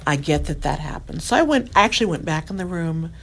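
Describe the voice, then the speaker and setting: Soft-spoken low-voiced woman guest. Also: lively intonation, fast talker, rough recording. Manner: soft-spoken, drops to near-whispers at tender moments. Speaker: podcast guest. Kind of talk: emotional personal storytelling.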